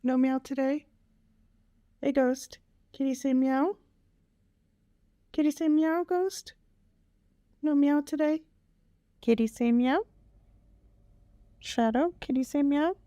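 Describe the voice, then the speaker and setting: A woman's voice: high voice, slow pace, pauses often, dark tone, no echo. A woman coaxing her pet cats in sing-song baby talk. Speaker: cat owner. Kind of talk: coaxing pets.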